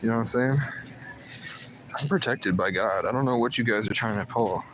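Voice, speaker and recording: A man rambles through a story on a phone livestream in a brash, profane way. The stream is noisy, with a steady background clearly heard. His voice sits in a middle register for a man. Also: medium pitch, moderate pace. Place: outdoors riding around town, then in a store.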